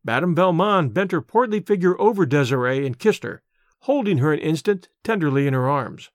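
Expressive male storyteller, dry close voice. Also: a little high, dry recording. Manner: expressive storytelling, slows on imagery. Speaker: audiobook narrator. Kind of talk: scripted literary narration.

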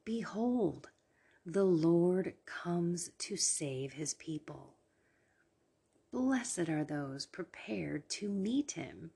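A tired woman whispers her devotional podcast late at night, her voice extremely breathy and husky. She talks slowly, in a lowish register. Her tone is earnest and encouraging throughout. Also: lively intonation, dark tone. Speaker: podcast host. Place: downstairs at home at night.

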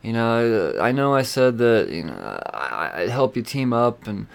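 A man's voice: medium pitch, big pitch swings, a little slow, vocal fry. A man speaking as a scheming male supervillain in an offhand, dismissive way, with casual fillers, during a podcast recap. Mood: smug.

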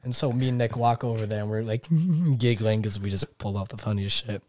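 Low-voiced young man telling a story. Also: a little fast. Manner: animated, laughing storyteller acting out quotes. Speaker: podcast guest. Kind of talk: casual storytelling. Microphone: podcast mic set slightly far.

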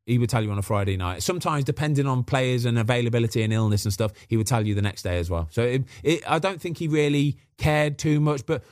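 A former footballer, guesting on a podcast, chats casually and tells football stories, acting out what people said. His voice is medium-pitched and a little mellow, and he talks quickly with few pauses. The recording is clean studio sound with no room echo.

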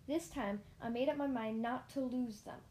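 A woman reads a children's story aloud in a lively first-person telling. Her voice sits a little high. She now and then stumbles on a word and starts it again. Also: normal speed, a little hiss or hum. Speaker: narrator.

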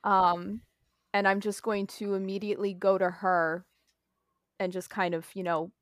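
A woman plays her tabletop character, earnest and casual, now and then swearing. Her pitch is mid-range and the recording is dry. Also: flat delivery, normal speed, dry recording. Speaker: player. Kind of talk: tabletop game play.

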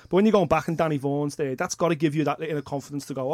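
A male talk radio host interviewing a guest in the studio, animated and firing off several questions at once. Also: on the high side, very fast, few pauses, no room sound. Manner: animated, asks stacked questions.

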